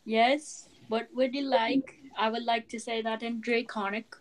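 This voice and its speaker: A woman's voice: a little high, fairly even intonation, unhurried. A young woman playing a tabletop game, talking casually and hesitantly with many ums and restarts. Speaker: player.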